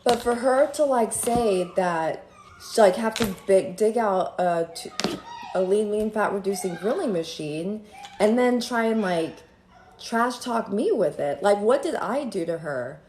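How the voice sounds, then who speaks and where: A woman chatting on a live stream from home in a gossipy, animated way, now and then drifting into sing-song lines. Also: medium pitch, measured pace, slight background noise. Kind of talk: rambling casual live-stream chat. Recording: roomy echo with faint ambience.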